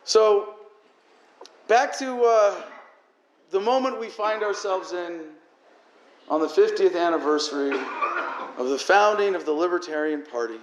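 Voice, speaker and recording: A man's voice: high-pitched, expressive, a little slow, pauses often, a little hiss or hum. A man giving an emotional, profane political speech to a crowd, his voice cracking toward tears as he rants. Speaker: political speaker. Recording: echoey hall.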